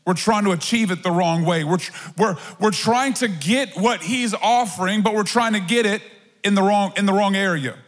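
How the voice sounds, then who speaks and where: A man with a very high voice preaches to his congregation, mixing plain talk with playful asides. His words ring out with a long reverb in a church hall. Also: moderate pace. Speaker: pastor. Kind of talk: sermon.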